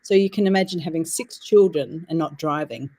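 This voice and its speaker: Australian woman in her sixties, lowish voice. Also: fairly quick, dark tone. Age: 60s. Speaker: guest. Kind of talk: casual interview storytelling.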